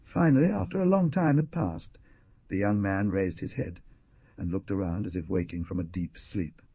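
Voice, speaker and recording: Husky low-voiced male audiobook narrator. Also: moderate pace, no room sound. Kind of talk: scripted narration. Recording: dull dry lo-fi recording.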